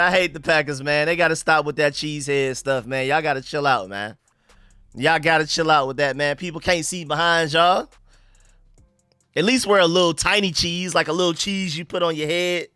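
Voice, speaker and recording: A young man from the United States hosting a live stream, chatting casually and shouting out viewers and donations. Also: a little high, clear, resonant tone, no echo, clean studio sound. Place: home room.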